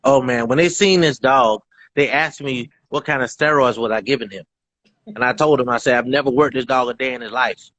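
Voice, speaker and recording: A man's voice: mid-range voice, a little fast, fairly bright tone, no room sound. A man guest on a live-stream chat, praising his dog in an effusive, enthusiastic way.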